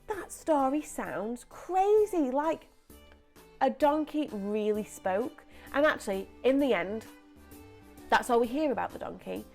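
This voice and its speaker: A young woman presenting a lively children's church story, chatty and animated. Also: high voice, unhurried, vocal fry, soft background music. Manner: animated, chatty, acts out voices.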